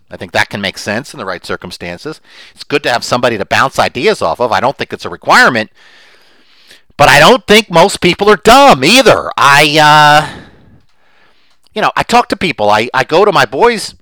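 A middle-aged man talks on his own podcast with a bright, forward voice. His pitch swings widely as he presses his points, full of asides and restarts. The sound is dry and close, with no room behind him. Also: no echo, poor audio. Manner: animated and emphatic, gets worked up. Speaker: podcast host. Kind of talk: opinionated solo podcast monologue.

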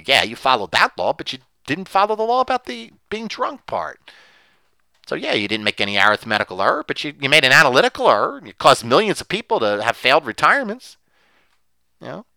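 A man's voice: mid-range voice, big pitch swings, quick pace, creaky, bright, forceful tone, no echo, low-quality recording. A man delivering an impassioned solo monologue as a commentator, emphatic and sarcastic, often repeating himself.

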